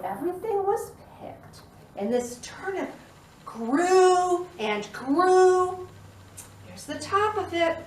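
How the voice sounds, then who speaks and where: A woman reads a story to toddlers with a high, bouncing voice. She takes her time, voicing each animal noise. She is heard from a distance in an echoey room, with faint background hiss. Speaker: children's librarian.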